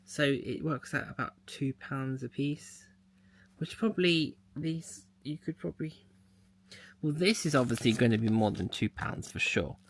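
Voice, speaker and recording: A man's voice: medium pitch, a little slow. A man chatting casually as he unboxes a mystery box, thinking aloud as he handles the packaging. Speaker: unboxing vlogger.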